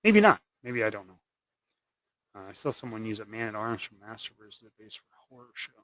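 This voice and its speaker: A man's voice: lowish voice, sing-song, brisk, a bit bright. A man hosting a casual livestream while he paints custom action figures, rambling and trailing off into mumbles.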